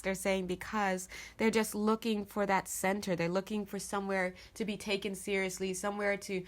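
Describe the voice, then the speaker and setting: A woman with a voice of average pitch reads tarot cards to camera. She speaks earnestly, as though passing on messages from spirit, and keeps restarting her sentences as she goes. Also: level tone, moderate pace, hardly any pauses. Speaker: tarot reader. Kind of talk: intuitive tarot reading to camera.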